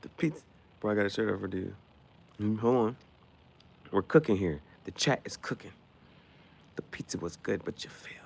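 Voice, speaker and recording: A man casually chatting with his live-stream viewers, playful and quick to laugh as he riffs on the spot. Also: fairly low pitch, expressive, gravelly, slight background noise.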